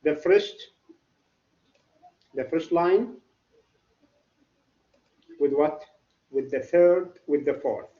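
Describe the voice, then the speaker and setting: Guy teaching class, talks real slow, keeps asking "what?", muffled lo-fi recording. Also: a little high, warm tone, roomy sound. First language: Arabic. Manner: repetitive, quizzes students with "what?". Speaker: English literature teacher. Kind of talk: classroom lecture.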